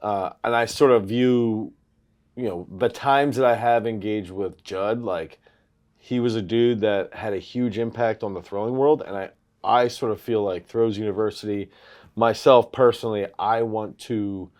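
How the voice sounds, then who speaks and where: Low-voiced, chatty throws coach. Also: male voice, normal speed. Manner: animated storyteller, loud when excited. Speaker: throws coach, podcast co-host. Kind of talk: casual sports chat.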